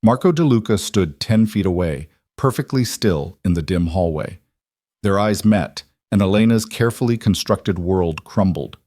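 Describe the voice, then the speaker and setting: A man reading a story aloud in a measured, even way. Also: sits low, dry recording, studio quality. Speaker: narrator. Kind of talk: scripted story narration.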